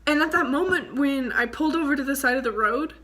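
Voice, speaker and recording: A woman's voice: high voice, a little fast. A young woman vlogger telling a story casually to the camera, chatty and full of "like". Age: young adult. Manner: chatty, fillers of "like", animated retelling.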